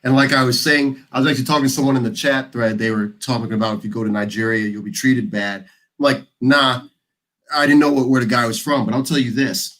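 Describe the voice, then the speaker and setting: A man's voice: mid-range voice, quick pace. American guy hosting a live panel chat, tells stories and acts out voices. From United States. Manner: animated storyteller, acts out quoted voices. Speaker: panel host. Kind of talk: casual panel discussion.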